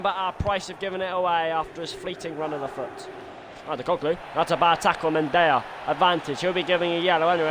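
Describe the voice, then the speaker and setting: A man streaming a football video game, doing his own match commentary that swings from quiet musing to shouted goal calls. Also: on the high side. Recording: noisy background ambience.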